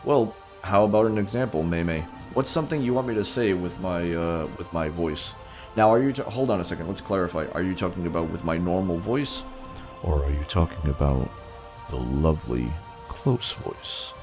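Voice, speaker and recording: Over background music, a man speaks in a low, fairly quick voice while playing a king for his live-stream audience. He's playful and theatrical, talking straight to his viewers.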